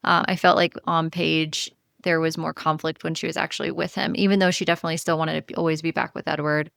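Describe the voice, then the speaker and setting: A woman talking books in relaxed podcast chat, with a smooth, clear voice on the lower side. She is recorded close and dry, with no room sound. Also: quick pace, no room sound. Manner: thoughtful, many small restarts and agreeing murmurs. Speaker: podcast co-host. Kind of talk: casual book club chat.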